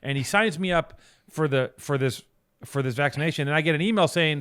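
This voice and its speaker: A podcast co-host, a man whose voice comes across smooth and clear in a dry, close recording. He tells long, rambling stories with heavy sarcasm and lots of swearing, in an easy, casual chat. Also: a little high, quick pace, a bit bright, no room sound. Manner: rambling, sarcastic, profane storytelling.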